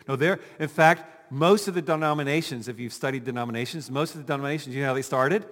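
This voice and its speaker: A man preaching a sermon as pastor, animated and full of rhetorical questions, talking with his congregation. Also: medium pitch, quick pace, in a large hall. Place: church sanctuary.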